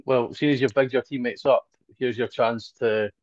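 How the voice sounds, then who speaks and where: A man's voice: mid-range voice, fairly even intonation, normal speed, dry recording. A man hosting a podcast, asking questions in a teasing, easygoing way. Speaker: podcast host. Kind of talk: casual podcast interview. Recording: dry, dull lo-fi sound.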